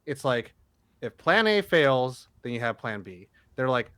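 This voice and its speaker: A man's voice: medium pitch, very animated, moderate pace, pushed and bright, no room sound. A man co-hosting a podcast in casual chat, rambling and swearing as he acts out what people said to him. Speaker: podcast co-host.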